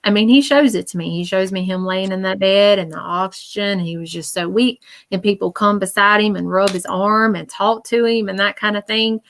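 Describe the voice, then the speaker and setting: A woman giving a live-stream psychic reading. She speaks earnestly and with feeling, voicing the messages she relays and checking in often with her listener. Her voice sits at a middle pitch. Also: moderate pace, few pauses. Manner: earnest, relays messages in quoted speech, keeps asking "okay?"; animated, emotional. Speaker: psychic medium.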